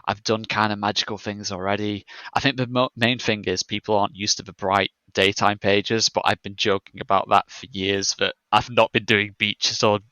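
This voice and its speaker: Male guest, low steady baritone, dry close sound, thoughtful and even. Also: moderate pace, few pauses, no echo. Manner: self-described one-tone baritone, steady, thoughtful. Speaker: guest, comic artist. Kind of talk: casual chat.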